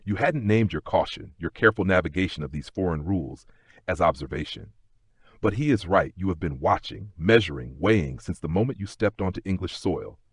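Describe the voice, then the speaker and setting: A man narrating a bedtime sleep story in a gentle, unhurried way. His voice is deep and husky, with lively expression, and it sounds close and dry with no room echo.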